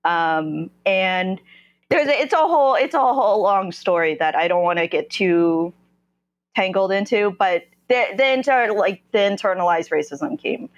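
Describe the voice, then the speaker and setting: Her voice is mid-range and animated, though the recording has its highs cut off. She's a New Jersey podcast guest speaking candidly about her life, faltering and restarting often as she looks for words.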